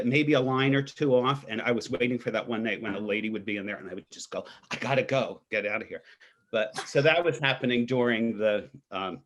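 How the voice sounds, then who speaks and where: A man's voice: fairly low pitch, a bit bright. A man reminiscing candidly about acting in a stage show, chatting casually on a video call. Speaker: actor in the show.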